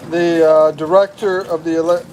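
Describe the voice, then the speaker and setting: A man's voice: on the high side, level tone, moderate pace, darkish tone, slight background noise. A man in his fifties from the USA, hosting a casual livestream, reading viewer comments aloud and laughing often. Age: 50s. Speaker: livestream host.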